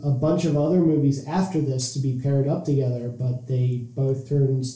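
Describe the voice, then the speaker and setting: A man's voice: medium pitch, steady tone, moderate pace, dark tone. A man co-hosting a casual movie podcast, rambling and joking, often restarting his sentences. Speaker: podcast co-host. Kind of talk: casual chat. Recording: echoey room.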